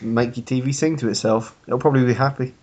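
A man in a casual gaming podcast chat, cracking dry, wry jokes. His voice sits at an ordinary middle pitch. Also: steady tone, quick pace, darkish tone, dull audio. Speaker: podcast co-host.

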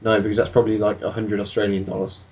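A man's voice: on the low side, flat delivery, quick pace, a little mellow, breathy edge. A man co-hosting a casual podcast. He banters bluntly and laughs often. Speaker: podcast co-host.

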